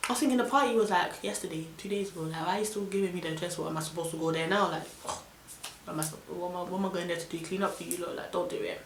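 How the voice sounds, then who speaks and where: A young woman with a London accent telling an animated, indignant storytime vlog full of slang. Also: lowish voice, racing, echoey room, a little hiss or hum. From London, England. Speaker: vlogger.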